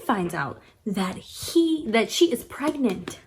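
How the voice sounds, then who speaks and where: A woman's voice: mid-range voice, big pitch swings, slow, hardly any pauses, a little hiss or hum. A woman giving a casual book review, chatting as she retells the story and acting out the characters' lines.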